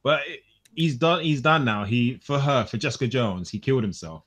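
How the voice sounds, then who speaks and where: A young man co-hosting a casual chat, retelling a story in a rambling, animated way. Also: medium pitch, moderate pace. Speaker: co-host of a comic podcast.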